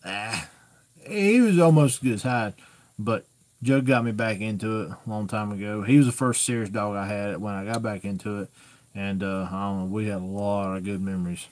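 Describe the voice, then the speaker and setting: A man's voice: fairly low pitch, moderate pace, a little mellow. A man hosting a casual live-stream Q&A, talking in a folksy, rambling, plainspoken way. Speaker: host answering viewer questions.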